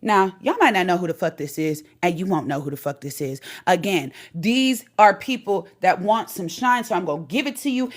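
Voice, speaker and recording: A woman vlogger delivering an opinion callout rant in a sassy, profane, animated way. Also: on the low side.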